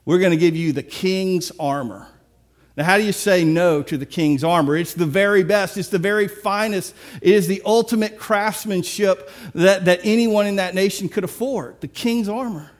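A man preaching a sermon, retelling a story with lively, acted-out dialogue. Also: sits high, moderate pace, few pauses. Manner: animated storytelling, acts out characters. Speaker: pastor.

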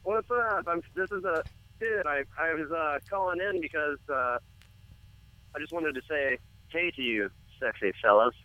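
A man's voice: a little high, moderate pace, highs cut off. A man calling in to a podcast to say hi, joking and hesitant with lots of fillers. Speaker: caller. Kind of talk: casual chat.

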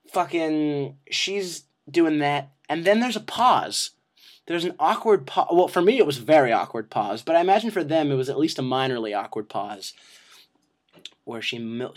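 A man hosting a podcast, telling a comic personal story in a profane, self-mocking and animated way. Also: mid-range voice, moderate pace. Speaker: podcast host.

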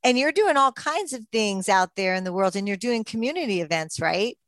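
A woman's voice: medium pitch, lively intonation, fairly quick, fairly bright tone, no room sound. Enthusiastic woman podcast host, dry sound. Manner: enthusiastic and praising. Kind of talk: conversational interview.

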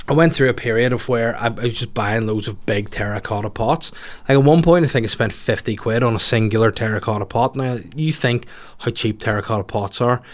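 Male podcast host, comic monologue, swears freely, rambling delivery. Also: lowish voice.

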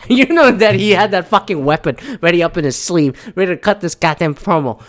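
A man's voice: high-pitched, animated, fairly quick, few pauses. A man in a casual opinionated monologue, rambling and profane, laughing often and adding mocking asides.

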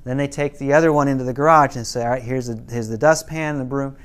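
A man's voice: steady tone, fast, clean tone. Man teaching a parenting class. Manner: casual, quotes parents and kids in lowered voices, some restarts.

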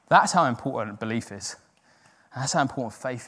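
In a church hall with long reverb, a man with a medium-pitched, fairly bright voice gives an informal sermon to a church group at a normal pace. He's animated, chatty, and earnest, mixing in jokes as he goes.

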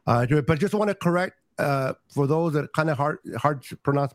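Male panelist, fired-up fan energy, a bit high-pitched, dry close mic. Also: normal speed, no room sound. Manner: excitable, talks over others. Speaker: guest panelist. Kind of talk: casual chat.

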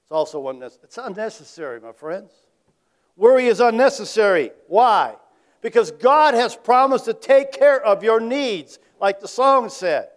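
A man with a high voice preaches to his congregation in an easy, talking manner. He keeps turning to the crowd with rhetorical questions, then lets his voice fall to a soft "isn't it?". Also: big pitch swings, unhurried. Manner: conversational, asks the audience rhetorical questions; varies loudness, dropping to quiet tag questions. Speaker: pastor. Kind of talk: sermon.

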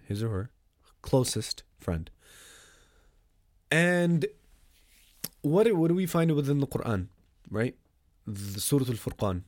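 A man of middling pitch explains a poem in a relaxed lesson, asking himself rhetorical questions and stumbling over restarts. He rattles off verses in a quick recitation before slowing down to unpack them. The sound is dry and close. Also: no echo. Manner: conversational, rhetorical questions, many restarts and fillers; recites Arabic verse rapidly. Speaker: podcast host explaining a poem. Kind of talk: casual religious lesson.

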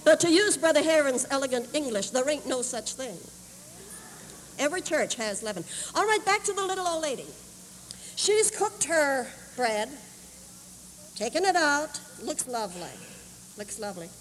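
High-voiced woman preaching in a hall. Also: normal speed, pauses often, a little hiss or hum. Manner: animated storyteller, acts out voices. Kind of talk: sermon illustration storytelling. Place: camp meeting hall. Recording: 1981 camp meeting tape, roomy hall.

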